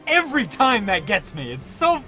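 A young man doing let's-play commentary, excitable and swearing, shouting at the game. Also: high-pitched, normal speed. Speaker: gaming YouTuber. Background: game sound and music.

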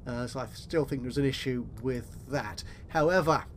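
A man's voice: medium pitch, moderate pace, a little hiss or hum. A man casually commenting on a management game he is playing, rambling and correcting himself with wry asides. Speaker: let's play host.

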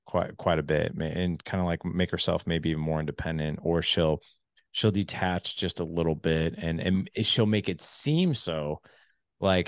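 A middle-aged man hosting a casual podcast interview, telling stories with many fillers and jumping high when he quotes people. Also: a little slow, clean tone, no room sound, clean studio sound. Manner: animated storyteller, many fillers, voice jumps high when quoting. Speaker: podcast host.

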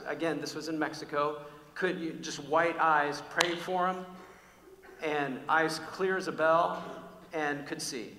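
A man preaching a sermon, telling personal stories in an animated, conversational way with frequent restarts. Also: on the high side. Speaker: pastor. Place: large church hall. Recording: echoey church hall with long reverb.

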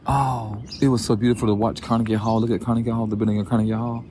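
A man's voice: fairly low pitch, level tone, fast talker, warm tone, a little hiss or hum. A man co-hosting a podcast, bantering and laughing while out walking in a city park. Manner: playful, laughing, teasing. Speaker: podcast co-host. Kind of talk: casual banter outdoors.

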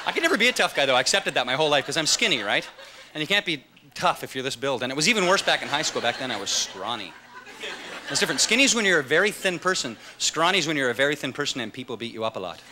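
A man performing a stand-up comedy set on stage, animated and swinging into loud high-pitched voices for his characters. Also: quick pace. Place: comedy club stage with a live audience. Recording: live stage recording with loud audience noise.

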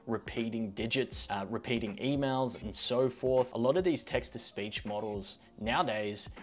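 A man's voice: mid-range voice, moderate pace. Chatty man demoing tech tools. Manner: chatty, easily amused. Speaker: host. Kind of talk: tech demo tutorial.

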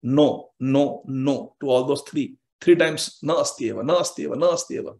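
A man's voice: medium pitch, fairly quick, creaky, darkish tone. A man giving a scripture class who speaks emphatically, repeats phrases for stress and chants Sanskrit verses. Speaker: scripture teacher.

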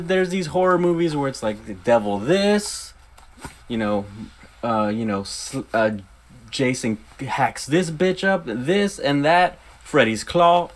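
A young man casually retelling a horror movie's scenes in a profane, animated review, slipping in quick acted quotes. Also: fairly high pitch.

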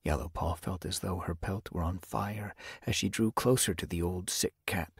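A man narrating an audiobook in a measured storytelling manner. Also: low-pitched, creaky, husky, no echo, studio quality. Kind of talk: scripted narration.

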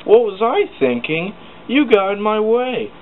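Brief: man voicing a high, petulant toy-train engine, whining and blaming, tinny noisy homemade recording. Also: animated. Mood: snapping. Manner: whining, quick to blame others. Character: whiny proud male steam engine. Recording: tinny lo-fi with hiss.

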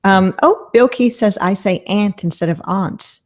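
A woman with a neutral American accent, co-hosting a casual podcast chat, musing and trailing off softly. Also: medium pitch, moderate pace. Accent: General American. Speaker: podcast co-host.

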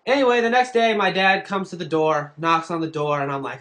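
A man answering fan questions on his vlog, telling stories in a casual, profane and animated way. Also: fairly high pitch, fairly quick, few pauses. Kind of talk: casual storytelling.

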